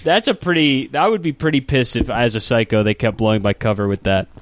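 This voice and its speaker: A man's voice: mid-range voice, fairly quick, no echo. A man reading and riffing in casual comedic chat, sarcastic and laughing often.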